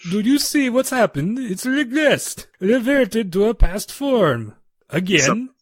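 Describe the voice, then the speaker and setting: A man's voice: sits high, expressive, takes it slowly, no room sound, studio quality, voice pushed up, heavily acted. A man reading a stern male scientist in a put-on Russian accent, grave and terse.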